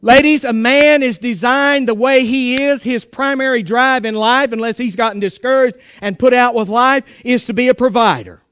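A man's voice: extremely high pitch, normal speed, hardly any pauses, fairly bright tone, clear, resonant tone, dry recording. A man preaching a sermon in a folksy, joking and emphatic way.

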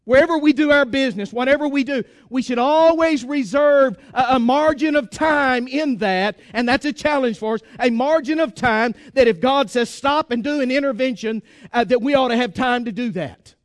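A man's voice: very high-pitched, normal speed, few pauses, dry recording, studio quality. A man preaching a sermon to his congregation, emphatic and exhorting, repeating phrases for force. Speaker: pastor.

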